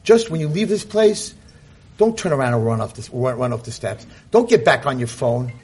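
Husky fast-talking male lecturer. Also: mid-range voice. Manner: fast, animated storytelling. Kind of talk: animated motivational talk with parable. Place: convention room.

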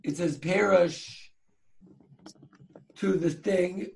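A man's voice: sits high, steady tone, very slow, gravelly. A man hosting a podcast, teaching Torah sources in a chatty, slangy way with many fillers and restarts. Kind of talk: casual learning chat.

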